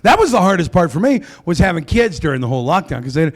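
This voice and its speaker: A man's voice: fairly high pitch, big pitch swings, quick pace. A man doing stand-up comedy in a comedy club, brash and crude with mock outrage.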